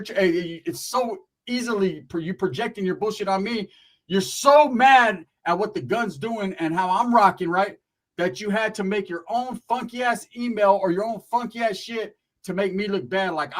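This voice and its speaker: A man's voice: sits high, low-quality recording. A young man from Northern California ranting bluntly and profanely on his channel, tagging lines with "right?" and "bro". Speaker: YouTuber. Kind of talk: livestream rant.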